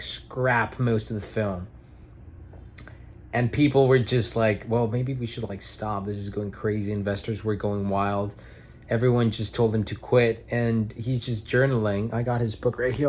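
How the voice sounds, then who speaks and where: A man's voice: medium pitch, fairly even intonation, unhurried, darkish tone, a little hiss or hum. A young man talking at home in a casual, reflective vlog monologue, rambling and earnest with some casual swearing. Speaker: vlogger and aspiring actor.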